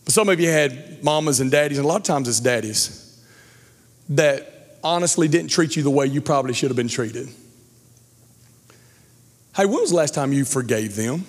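A middle-aged male pastor preaching a sermon, telling a story with lively acted-out quotes and then speaking to the congregation. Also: mid-range voice, normal speed, long pauses. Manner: animated storyteller, acts out quotes loudly. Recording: long hall reverb.

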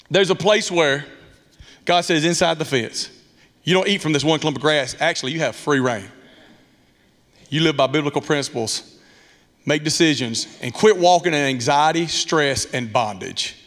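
A man's voice: fairly high pitch, a bit bright. A man in his thirties with a Southern Alabama accent, preaching a folksy, candid sermon with lots of asides. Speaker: pastor. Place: church sanctuary. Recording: long church reverb with music.

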